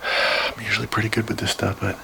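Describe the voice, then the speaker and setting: A man filming alone inside a house for a paranormal video diary, nervously calling out to spirits and often dropping to a hushed whisper. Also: fairly low pitch, little pitch movement, fairly quick, creaky, background noise. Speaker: paranormal vlogger. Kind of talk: solo ghost-hunting video diary.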